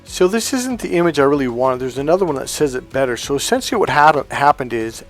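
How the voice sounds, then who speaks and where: A man coaching on dating, telling a story in a casual monologue, swearing bluntly and acting out what people said. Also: medium pitch. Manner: blunt and profane, swearing often; animated, acting out quotes from a story.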